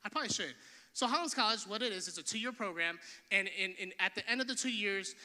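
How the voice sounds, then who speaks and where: A man's voice: high voice, quick pace, sharp tone, big-room sound. A man preaching a sermon from a church stage, casual and slangy, with many restarts. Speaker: pastor.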